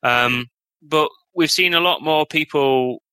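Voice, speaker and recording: A man's voice: on the high side, takes it slowly, sharp tone, clear, resonant tone, no room sound. A man talking as a podcast guest in a casual, enthusiastic way, with lots of restarts and rambling. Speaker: guest developer.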